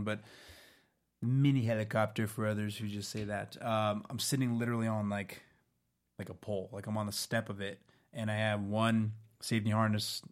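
A man in his thirties co-hosting a casual show, telling stories with lots of energy and doing goofy voices when quoting people. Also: on the low side. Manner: animated storyteller, does goofy voices for quotes. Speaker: actor and podcast co-host. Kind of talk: casual chat.

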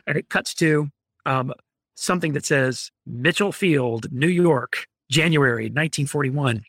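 A man's voice: a little high, a little slow, a bit bright, no room sound, clean studio sound. A man, ranting in an opinionated, exasperated way during a casual podcast chat. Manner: opinionated, exasperated, rambling critique.

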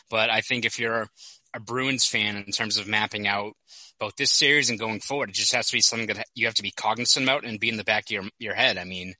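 A young man, a hockey reporter, chatting casually on a podcast and telling stories with quick asides. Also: fairly low pitch, bright, forceful tone, no echo, rough recording.

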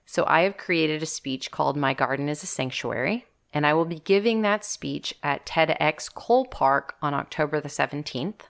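Low-voiced, chatty woman podcast host. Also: normal speed, vocal fry, few pauses. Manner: chatty, playful, laughs often. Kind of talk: casual podcast chat. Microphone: podcast microphone.

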